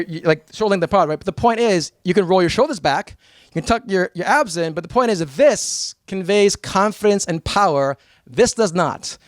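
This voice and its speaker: Energetic high-voiced American man speaking. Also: no echo. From New York. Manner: energetic, blunt and emphatic, with mock voices. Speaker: motivational speaker. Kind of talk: live seminar talk to an audience.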